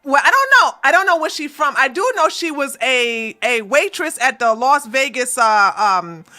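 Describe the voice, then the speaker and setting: A woman's voice: high voice, animated, normal speed, bright, forceful tone. A woman co-hosting a casual political chat on a live stream, agreeable and wry, chiming in with emphatic asides.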